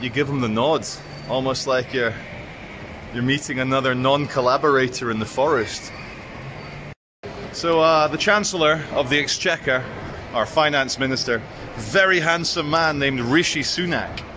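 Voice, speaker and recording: A man's voice: medium pitch, normal speed, background noise. A man with a sardonic, crude, ranting manner, vlogging as he walks through an indoor shopping centre, recorded on a handheld camera. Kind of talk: walking vlog with sardonic commentary.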